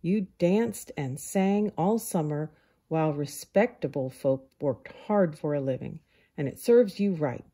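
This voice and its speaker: A woman's voice: sits low, animated, a little slow, warm tone, slightly rough, heavily acted. Woman doing a fretful fussy ant. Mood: scolding. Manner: fretful, exclaiming. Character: fussy hardworking male ant, anxious counter.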